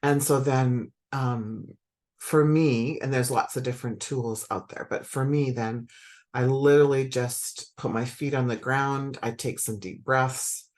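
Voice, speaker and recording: A woman's voice: extremely low pitch, fairly even intonation, measured pace, darkish tone. A middle-aged woman talking as a spiritual coach to her audience, conversational and reflective, with many fillers and self-corrections.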